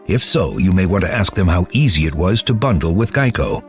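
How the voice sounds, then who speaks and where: A man's voice: sits low, expressive, brisk, soft background music. A man reading a playful scripted ad in a wry, mock-conspiratorial tone. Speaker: ad announcer.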